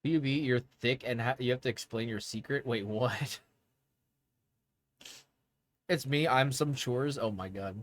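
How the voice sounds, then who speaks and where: A man's voice: medium pitch, measured pace, long pauses. A young man streaming and chatting casually with his viewers in a rambling way, laughing often.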